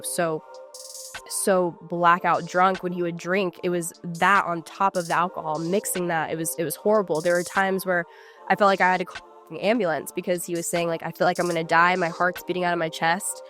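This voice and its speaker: A woman's voice: fairly low pitch, a bit bright. A young woman, an interview guest, recounting events casually with a hesitant manner, full of likes and restarts.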